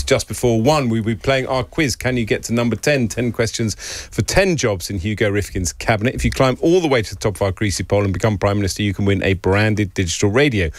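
A man hosting a radio show in a relaxed, chatty way, with a lowish voice. He laughs at himself and stumbles over his words now and then. The studio sound is dry and close. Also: no room sound. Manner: chatty, self-deprecating, stumbles and repeats words. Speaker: radio presenter. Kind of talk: casual radio chat and presenting.

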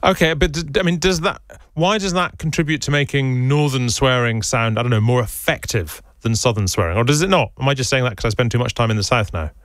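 A male radio presenter who talks quickly in a brisk, conversational way as he puts questions to guests. His voice sounds dry and close to the mic. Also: medium pitch, a bit bright, dry recording. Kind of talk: radio interview.

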